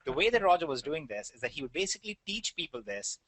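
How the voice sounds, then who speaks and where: A man hosting a webinar, answering viewers' questions in a brisk, reassuring and joking way over an online call mic. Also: fairly high pitch, big pitch swings, a bit bright, slightly rough, dry recording. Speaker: webinar host.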